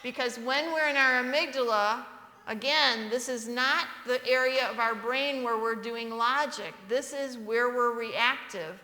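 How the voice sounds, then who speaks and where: A woman's voice: fairly high pitch, unhurried, sharp tone. A woman giving a sermon in a church, often asking the audience questions, in an echoey church hall. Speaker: church speaker.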